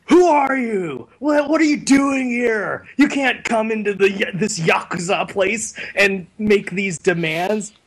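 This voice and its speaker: A man's voice: high voice, slow, few pauses, fairly bright tone, pitched above the performer's own voice, exaggerated voice. A man voicing a panicky male yakuza thug in a retold manga story. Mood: indignant shouting.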